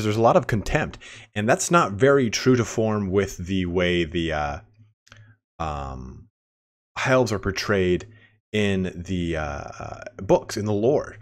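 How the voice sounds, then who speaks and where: A man giving casual, rambling game commentary, full of fillers and restarts. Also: low-pitched. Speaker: gaming commentator.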